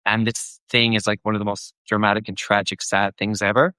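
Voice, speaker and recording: A man hosting a casual show discussion, rambling with many fillers and quick mock quotes. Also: on the low side, little pitch movement, sharp tone, clear, resonant tone, dry recording. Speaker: podcast host.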